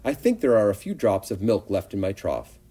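A man's voice: lowish voice, very animated, moderate pace, mellow, breathy edge. A man reading a storybook aloud, voicing a young male pig who is anxious and eager, with pleading, rising questions.

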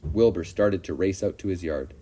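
A man reading a children's storybook aloud with gentle, expressive narration. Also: low-pitched, moderate pace.

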